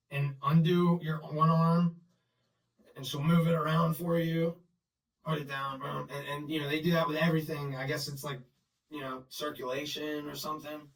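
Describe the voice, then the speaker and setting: A man telling his own story in blunt, profane, halting talk full of restarts and fillers. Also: on the high side, a bit bright, far from the mic, low-quality recording. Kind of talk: unscripted personal storytelling.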